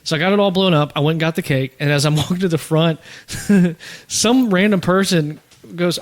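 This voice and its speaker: A man's voice: sits high, brisk. A man in his thirties hosting a podcast, telling stories in casual chat and laughing as he goes. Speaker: podcast host.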